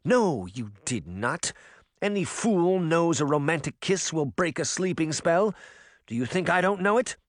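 A man's voice: on the high side, big pitch swings, unhurried, no room sound, clean studio sound, pitched above the performer's own voice. A man reading a storybook voices a cold, commanding former queen who speaks in a cool, clipped manner. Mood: stern. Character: icy, imperious female sorceress, a former queen. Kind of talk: audiobook character reading.

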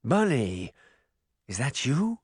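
A man reading aloud plays a touchy magic mirror guardian, proud and defensive, with lively swings in pitch. The reading is close and dry, with no room around it. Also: slow, slightly rough, no echo, full character voice. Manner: booming at first, then wounded and defensive.

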